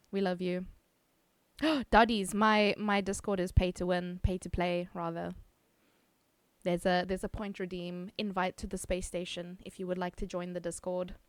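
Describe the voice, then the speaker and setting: A woman's voice: medium pitch, no echo. A woman streaming live, chatting casually, reading chat aloud and laughing often.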